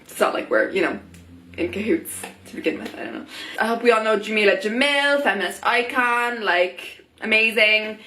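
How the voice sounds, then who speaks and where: A young woman talking casually to camera in an opinion vlog, chatty and animated, full of "like" and "oh my god". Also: a little high, moderate pace, reverberant. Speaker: vlogger.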